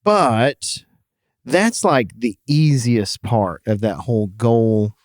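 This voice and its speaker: A man's voice: medium pitch, slow, dry recording. Chatty man with a slight lisp. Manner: chatty, laughs often, many restarts. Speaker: podcast co-host. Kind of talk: casual podcast chat.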